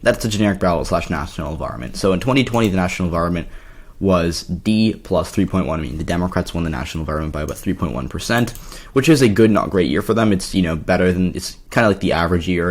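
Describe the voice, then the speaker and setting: A man with a slightly hoarse voice, talking casually through an election map with lots of fillers and restarts. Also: deep voice, quick pace. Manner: rambling, filler-heavy, self-correcting. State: slightly hoarse from yelling at a party. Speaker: political commentary YouTuber. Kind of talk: casual explainer commentary.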